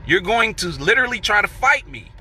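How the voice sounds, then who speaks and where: Sing-song and a little fast, with a sharp tone and a breathy edge, a man's high voice recounts a heated incident at work. The casual, profane monologue includes his impressions of what he and others said.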